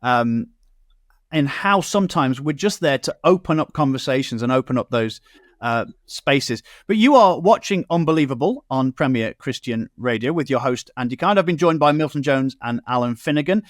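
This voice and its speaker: A man's voice: mid-range voice, expressive, normal speed, dry recording, clean studio sound. A man from Britain hosting a radio talk show, chatting casually and telling stories with quoted asides. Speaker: host.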